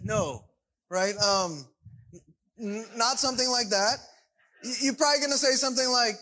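A man's voice: very high voice, moderate pace, long pauses, sharp tone, rough recording. A man preaching a sermon in a conversational way, often checking in with his congregation. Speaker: pastor.

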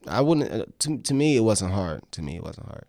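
A man's voice: fairly low pitch, very animated, fairly quick, creaky, a little mellow, no room sound, studio quality. A young man from a Jamaican family, chatting as a podcast guest in a laid-back, jokey, boastful way. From United States, Jamaican parents. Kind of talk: casual chat.

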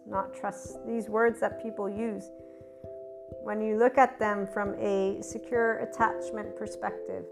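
A woman holds forth in a rambling, unscripted monologue, slipping into quoted back-and-forth arguments and casual swearing. Her voice sits in a middle register. Guitar music plays plainly behind her the whole time. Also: mid-range voice. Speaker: spiritual channeler sharing stories.

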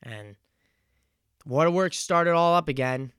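A man in his twenties hosting a solo podcast, talking in an earnest, reflective and halting way. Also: a little high, animated, a bit bright, smooth, no echo, studio quality. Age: 20s. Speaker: podcast host. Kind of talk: casual solo podcast monologue.

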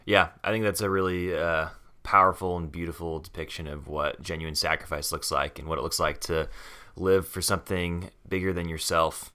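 A man with a very low but bright, forceful voice co-hosts a podcast. He is friendly and enthusiastic and pokes fun at himself. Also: fairly even intonation, normal speed. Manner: friendly, self-deprecating, enthusiastic. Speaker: podcast co-host. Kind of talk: casual podcast discussion.

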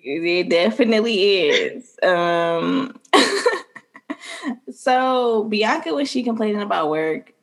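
A woman co-hosts a casual podcast chat, playful and quick to laugh. Her voice moves lively through its pitch range. The talk is loose and conversational. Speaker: podcast co-host.

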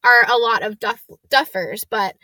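A woman reading aloud gives a light voice to a shy young boy from a storybook, quiet, curious and a bit glum. The voice sits high and the sound is dry and close. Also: measured pace, dry recording.

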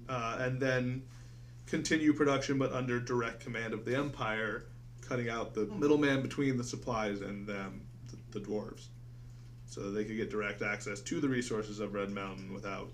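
A man in a tabletop game recounts events with dry, wry humour and sarcastic lists. A faint hiss of background noise sits under his voice. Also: lowish voice. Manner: dry, wry storytelling with asides. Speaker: player. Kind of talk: tabletop role-play banter.

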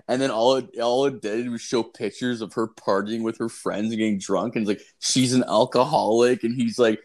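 A man's voice: mid-range voice, steady tone, fairly quick, hardly any pauses, a little mellow. A man in his thirties, a podcast co-host telling a profane, rambling story in casual chat.

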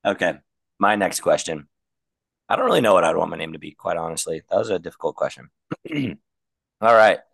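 A young man with a low voice chatting loosely on a podcast with his friends. He jokes around and laughs easily. The sound is dry and close. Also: lively intonation, a little fast, vocal fry, pauses often, a bit bright, no echo. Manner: laughs often, loose and joking. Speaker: podcast co-host. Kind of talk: casual chat among friends.

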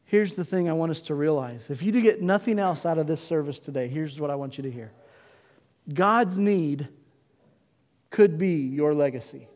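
High-voiced guy pastor preaching, acts out the story, long echo in the church. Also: moderate pace, a little mellow. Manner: dramatic storytelling, acting out the characters' voices. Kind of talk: sermon. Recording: long hall reverb.

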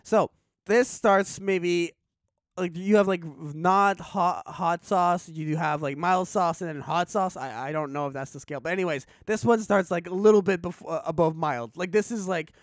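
High-voiced man in casual chat. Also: steady tone, normal speed, dry recording, clean studio sound. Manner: rambling, filler-heavy, acts out characters mid-story.

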